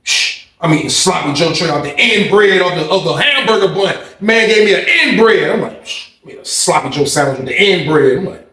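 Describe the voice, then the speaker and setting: A young man casually retelling a story in a slangy, profane, animated way. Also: sits high, fairly quick. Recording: roomy echo.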